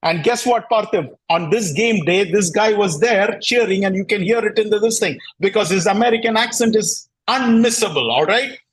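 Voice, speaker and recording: A combative man hosts a cricket talk show, ranting with plenty of sarcasm and doubling back on his words. His voice sits fairly high and has a husky edge. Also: normal speed, hardly any pauses, rough recording. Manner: combative, sarcastic, repeats himself. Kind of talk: heated casual rant.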